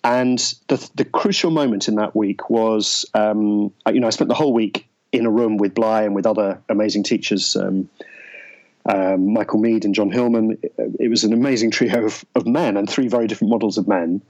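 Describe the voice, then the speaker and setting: Low-voiced man, halting storyteller. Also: fairly even intonation, a little mellow, muffled recording. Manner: halting, searching for words, many restarts. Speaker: guest. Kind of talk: reflective storytelling in conversation.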